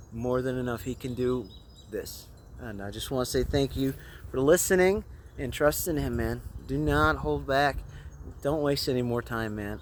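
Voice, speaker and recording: A man sharing a personal faith testimony in an earnest, casual, halting way. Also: medium pitch, slight background noise. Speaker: testimony speaker.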